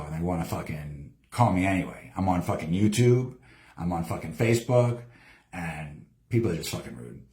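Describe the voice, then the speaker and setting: A man hosting a live show, rambling through a story in casual, profane talk and acting out what people said. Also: deep voice. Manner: heavy swearing, lively storytelling, acts out quotes. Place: home studio. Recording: roomy echo.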